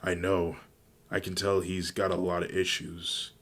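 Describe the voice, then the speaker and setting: A guarded young vigilante woman who talks in a plain, matter-of-fact way, as read by a man. The voice stays deep and close to a casual storyteller's own. A fan-made anime story. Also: flat delivery, a little slow, fairly bright tone.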